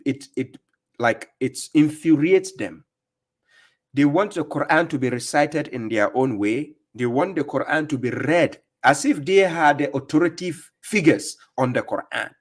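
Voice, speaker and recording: A man's voice: medium pitch, lively intonation, a little slow. A man hosting a livestream, giving mocking, sarcastic religious commentary on video clips he plays. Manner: scornful, sarcastic, lecturing. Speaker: livestream host reacting to clips.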